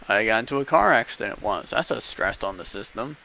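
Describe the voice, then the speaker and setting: A man's voice: on the low side, lively intonation, fairly quick, creaky, bright, forceful tone, low-quality recording. A man giving a casual, argumentative political monologue to camera, punctuating points with rhetorical "okay?" and "right?". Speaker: vlogger speaking to camera.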